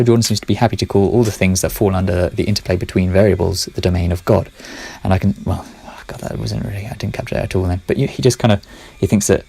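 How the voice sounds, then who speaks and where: A man's voice: deep voice, steady tone, quick pace, vocal fry, hardly any pauses, mellow, breathy edge. A man talking through his ideas in a casual monologue, rambling, correcting himself and muttering asides under his breath.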